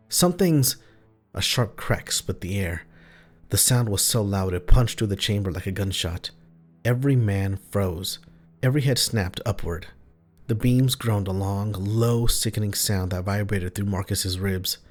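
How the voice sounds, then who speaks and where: Low-voiced man narrating horror. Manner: terse, tense short phrases. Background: faint music.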